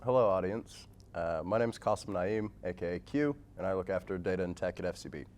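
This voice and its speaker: A man's voice: deep voice, fairly quick, a little hiss or hum. A man chatting casually about data work, peppering his talk with fillers. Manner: relaxed, chatty, many fillers like "right?" and "like". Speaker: head of data and tech at an ad agency. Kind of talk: casual conversation.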